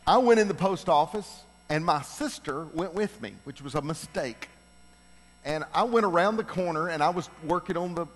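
Middle-aged man telling stories in a hall. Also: sits high. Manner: animated, builds to loud laughing punchlines. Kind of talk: humorous personal storytelling. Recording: long reverb of a large hall.

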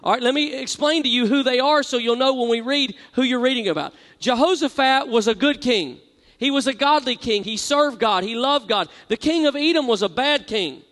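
High-voiced preacher in an echoing hall. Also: male voice, animated, normal speed, fairly bright tone. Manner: call-and-response with congregation, reads scripture aloud. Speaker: pastor. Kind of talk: sermon. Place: large church hall. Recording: long hall reverb.

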